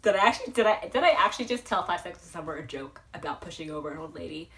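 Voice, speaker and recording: A woman's voice: on the low side, animated, racing, fairly bright tone. Giggly rambling young woman vlogger. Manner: rambling, giggly, full of fillers and restarts. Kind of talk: excited storytime vlog.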